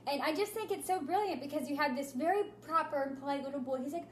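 A woman's voice: high voice, fast, roomy sound, a little hiss or hum. A woman in casual podcast chat, talking enthusiastically and acting out lines she quotes. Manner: enthusiastic, acts out quotes in a lively voice. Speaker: podcast panelist.

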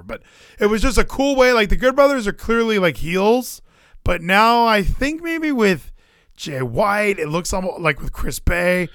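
An excitable man rambles through a casual podcast chat, swearing freely and correcting himself as he goes. His voice is bright and forceful and sits a little higher than usual. The sound is dry and close. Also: no echo. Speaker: podcast co-host.

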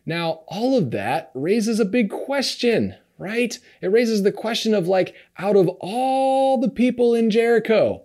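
A man preaching a sermon, retelling a story in a relaxed conversational way, often repeating and restarting his words. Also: high-pitched, a little slow, few pauses. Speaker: pastor.

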